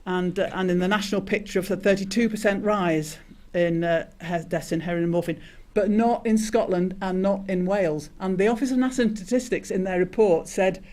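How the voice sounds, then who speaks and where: An older man, a retired doctor, giving a conference talk and telling a story, halting with many restarts and fillers. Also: high voice, darkish tone. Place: conference hall.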